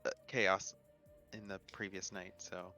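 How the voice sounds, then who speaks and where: A man playing in a tabletop game, speaking in character with hesitant, halting replies. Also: low voice, flat delivery, sharp tone, soft background music. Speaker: player. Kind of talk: in-character roleplay.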